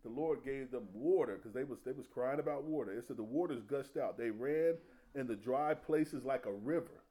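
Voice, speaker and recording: A man's voice: mid-range voice, moderate pace. A man preaching a humorous, conversational sermon full of folksy slang and laughter. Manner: animated, jokey, laughs often, folksy slang.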